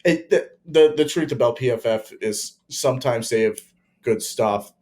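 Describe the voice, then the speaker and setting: A young man co-hosting a casual sports chat, measured and opinionated with many fillers. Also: medium pitch, a little mellow. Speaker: podcast co-host.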